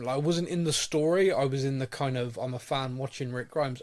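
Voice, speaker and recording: A man's voice: medium pitch, fairly quick, hardly any pauses, darkish tone. A sounding man co-hosting a podcast in casual chat, rambling and repeating words as he starts sentences. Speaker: podcast co-host.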